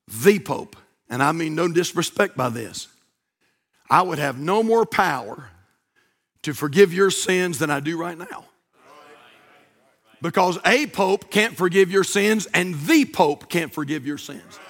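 Fervent and emphatic, this male preacher draws out important words and cites scripture as he delivers his sermon. His pitch is extremely high, with a pushed, bright quality.

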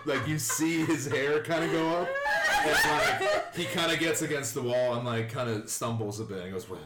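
A man running a tabletop game as game master, narrating in a casual, halting way. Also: a little high, echoey room, very noisy. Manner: casual, halting, often laughing.

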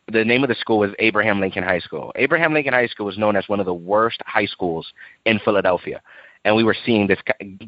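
A man's voice: fairly low pitch, no room sound. A young man, an evangelist, earnestly telling a personal testimony and acting out the dialogue as he goes. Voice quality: earnest, lively storytelling, acts out quoted dialogue. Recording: dull lo-fi dry recording.

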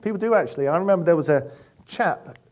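A man giving a relaxed, conversational church talk, full of anecdotes and fillers. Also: on the high side, fast. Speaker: church speaker.

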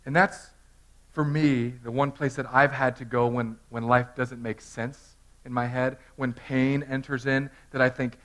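A man preaching a sermon as pastor, swinging from hushed, intimate talk to loud, fervent passages and often repeating words. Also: medium pitch, little pitch movement, a little slow.

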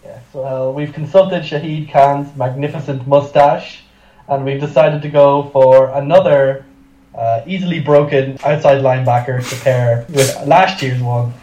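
Deadpan man on dull, roomy audio. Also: mid-range voice, a little slow. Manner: dry, deadpan jokes. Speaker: podcast panelist. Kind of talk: casual joking chat.

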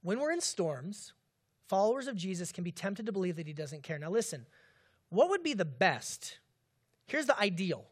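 Lively preacher man with animated delivery. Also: high voice, moderate pace, breathy edge. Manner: animated, dramatizes the disciples' cries, asks the congregation questions. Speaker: pastor. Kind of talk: sermon.

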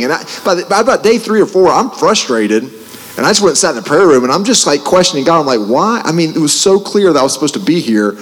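A man preaching, telling a personal testimony in an animated way, with restarts and joking asides. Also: a little high. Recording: long hall reverb.

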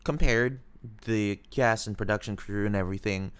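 A man's voice: on the low side, normal speed, smooth. A man talking as a guest on a casual podcast, swearing and mocking as he goes.

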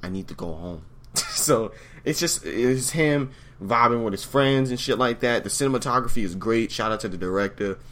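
A man's voice: mid-range voice, moderate pace, few pauses, fairly bright tone. A man hosting a casual online stream, rambling and swearing as he chats. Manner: rambling, laughs often, swears. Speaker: host.

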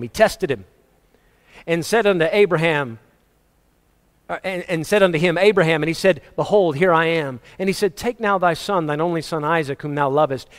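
Man, pastor, sermon, conversational preaching, slightly high voice, long hall reverb. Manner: conversational preaching with chuckles and acted quotes.

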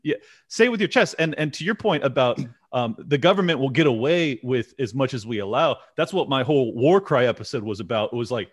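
A man's voice: medium pitch, lively intonation, fairly quick, slightly rough. A man hosting a podcast, talking in a passionate, profane rant. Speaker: podcast host. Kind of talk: casual political podcast chat.

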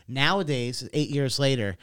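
A man co-hosts a podcast in an easygoing way, laughing often and nudging his partner along with questions. His voice is smooth and clear, recorded dry and close. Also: mid-range voice, normal speed, a bit bright, no echo. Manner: easygoing, laughs often, prompts the other host. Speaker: podcast co-host. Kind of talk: casual podcast chat.

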